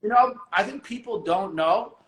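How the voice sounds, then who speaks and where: A man talking as a podcast guest, blunt and animated, swearing casually. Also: sits high, normal speed, echoey room. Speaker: guest, business owner.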